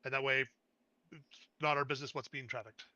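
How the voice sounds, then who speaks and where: A man voicing a tired woman cashier at a shipping office, answering in a flat, businesslike way. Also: mid-range voice, brisk, no room sound, dull audio. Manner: flat, businesslike, matter-of-fact.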